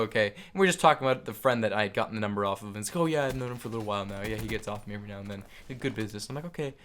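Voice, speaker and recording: A man's voice: mid-range voice, slight background noise. A young man vlogging, telling a rambling story with lots of swearing and filler words. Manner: rambling, animated, frequent swearing and "like". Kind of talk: storytelling vlog.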